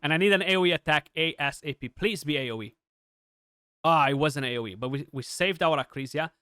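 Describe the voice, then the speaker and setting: A young man giving chatty, excitable live commentary on his gameplay, with many restarts and fillers. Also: fairly high pitch, fairly quick, clean tone, no echo, clean studio sound. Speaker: gaming streamer.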